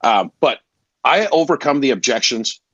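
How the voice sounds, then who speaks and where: A man as a rambling, animated tradesman storyteller, dry close sound. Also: mid-range voice, normal speed, breathy edge, no echo, highs cut off. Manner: animated, acts out dialogue in stories; rambling, loses his train of thought. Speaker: garage door salesperson. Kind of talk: casual interview storytelling.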